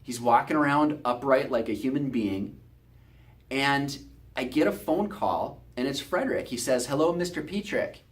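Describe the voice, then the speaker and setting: In a promotional video, a male chiropractor recounts a patient's story in an earnest, conversational manner. His medium-pitched voice has lively intonation and an unhurried pace.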